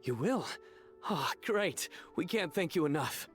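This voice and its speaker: A man's voice: on the high side, lively intonation, unhurried, soft background music. A man voicing a weary but friendly city guard in a video game. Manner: sighing, friendly.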